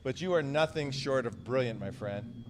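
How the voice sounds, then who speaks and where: A man's voice: medium pitch, animated, normal speed, slight background noise. A man, an outgoing mayor, giving a joking, affectionate and slightly emotional farewell speech at an indoor press conference, thanking people by name. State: a little emotional. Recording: echoey hall with crowd murmur.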